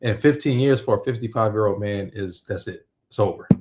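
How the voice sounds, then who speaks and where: A man with a fairly low voice joins a reaction stream to discuss a court case. He talks steadily and deliberately, restarting phrases as he works out his points. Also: very noisy. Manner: deliberate, thinks aloud with restarts. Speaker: guest commentator. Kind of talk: measured casual discussion.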